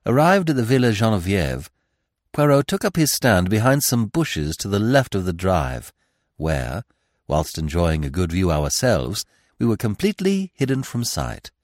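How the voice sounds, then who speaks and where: A man narrating a classic mystery novel as a podcast reader, in a measured, expressive storytelling manner. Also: lowish voice, dry recording, clean studio sound. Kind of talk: audiobook reading of a classic mystery.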